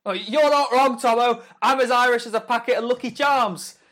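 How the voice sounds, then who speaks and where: An actor playing a drunk, brash football manager who swears and shouts in a comedy sketch. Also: male voice, extremely high pitch, fairly even intonation, moderate pace. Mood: belligerent.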